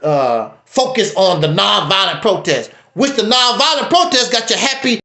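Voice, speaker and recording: Guy ranting on his stream, real high bright voice, echoey room. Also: sing-song, normal speed, gravelly. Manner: preachy, emphatic, wide swings in pitch. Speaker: livestream host. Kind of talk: casual commentary.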